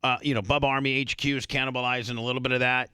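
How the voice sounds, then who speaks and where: A male radio host in casual studio banter, with a bright, forceful tone. He curses freely, rambles, and trips over his own restarts in a dry, close-miked sound. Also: mid-range voice, level tone, racing, clean tone, no room sound. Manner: profane, rambling, stammers through restarts.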